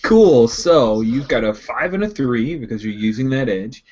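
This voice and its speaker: A man narrating as game master, with relaxed, loose storytelling. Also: mid-range voice, moderate pace, highs cut off, slight background noise.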